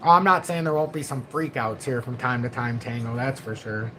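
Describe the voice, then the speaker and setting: A middle-aged man hosting a casual livestream from home, reading viewer comments in a deliberately low, calm voice. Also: a little hiss or hum, poor audio. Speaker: livestream host.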